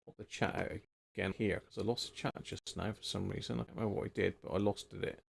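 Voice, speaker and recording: With a fairly low, creaky voice and fairly even intonation, this man talks fast while hosting a live radio repair stream. He rambles casually, thinks out loud, and chats with viewers, and there's slight background noise.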